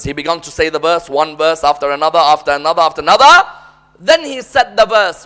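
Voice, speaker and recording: A man's voice: sits high, brisk, bright, forceful tone. A man preaching a sermon as a dramatic story, often prompting the audience to respond.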